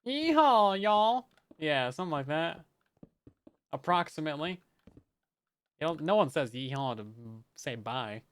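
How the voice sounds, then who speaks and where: Casting: male streamer, slightly higher voice, clean and smooth tone, casual joking chat with stumbles and repeats. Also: moderate pace, pauses often, fairly bright tone. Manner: chatty, joking, often repeats words as he restarts. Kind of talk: casual live-stream chat while gaming.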